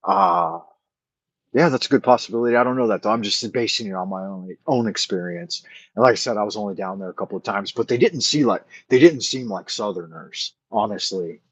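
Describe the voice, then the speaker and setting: A man hosts a casual late-night chat, answering viewers as he rambles and thinks aloud with many fillers. His voice is on the low side, a little fast, with a breathy edge, and the recording is dry.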